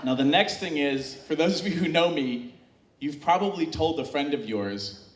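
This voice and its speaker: A man tells a comic story to a live audience in a fairly high voice, chatty and loose, stopping for fillers and restarts as he goes. He banters with the crowd and coaxes them into shouting answers back. The sound is roomy and echoing, picked up from a distance off the mic. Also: animated, normal speed. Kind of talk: live comedic storytelling on stage. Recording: echoey room, heard from off-mic.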